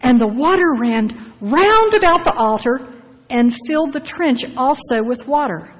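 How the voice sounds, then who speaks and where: A woman's voice: high-pitched, expressive, a little slow, slightly rough, in a large hall. A woman preaching a sermon, reading scripture aloud and adding emphatic, personal asides between the verses.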